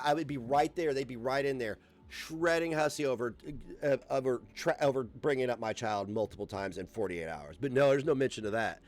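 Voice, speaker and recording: A man ranting on a livestream, profane, combative and sarcastic. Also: medium pitch. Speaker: livestream host.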